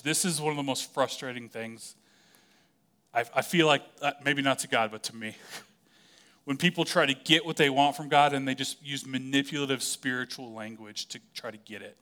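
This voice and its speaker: A man preaches with a bright, forward voice that sits at a middle pitch. He talks conversationally and with animation, and he slips into the voices of the people in his story. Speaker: pastor. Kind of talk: sermon.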